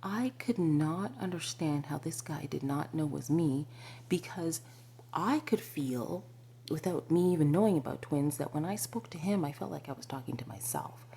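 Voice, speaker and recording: Woman vlogger, low mellow voice, confiding story, half-whispered, faint hum behind. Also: animated, normal speed. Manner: confiding, often drops to a breathy whisper; frequent fillers and asides to the listener. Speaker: spiritual vlogger. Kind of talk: personal storytelling to camera.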